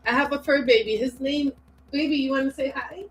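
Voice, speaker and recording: A woman from New York with a Bronx accent, a guest chatting in a soft, relaxed way on a livestream. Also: high voice, slight background noise, low-quality recording. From New York, family from Puerto Rico. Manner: slow, soft-spoken, relaxed. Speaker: guest commentator. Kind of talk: casual livestream chat.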